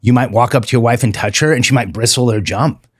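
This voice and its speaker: A middle-aged man, a relationship coach, talking candidly as a podcast guest, earnest and heartfelt, slowing down to lean on key words. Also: mid-range voice, no echo, studio quality. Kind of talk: candid interview talk.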